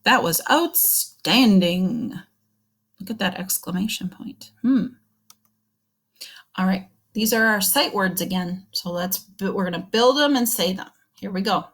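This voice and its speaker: A woman teacher leads an early reading lesson, talking slowly and patiently. She sounds out short words letter by letter and cheers the children on warmly. Her pitch sits in a middle range. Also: expressive. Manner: slow, encouraging, sounding words out.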